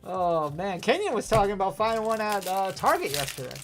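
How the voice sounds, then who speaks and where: A man's voice: high voice, big pitch swings, a little fast, a bit bright, soft background music. Chatty man with a Wisconsin accent. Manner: chatty and self-deprecating, laughs often. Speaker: host. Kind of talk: live-stream card-pack opening, reading chat.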